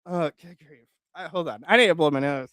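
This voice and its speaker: A man's voice: on the high side, brisk, a bit bright, dry recording. A man hosting his channel in casual chat, rambling and joking with frequent laughs. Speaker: channel host.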